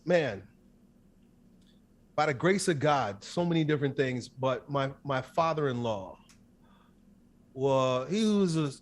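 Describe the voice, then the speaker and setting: Emphatic man telling his story. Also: medium pitch. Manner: intense, emphatic, quick bursts. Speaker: guest. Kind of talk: candid interview storytelling.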